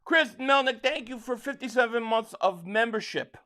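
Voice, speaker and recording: A man from Philadelphia hosting a live football watch-along, excitably calling plays and reading viewer chats, stammering on restarts. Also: very high voice, normal speed. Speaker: livestream host and fan.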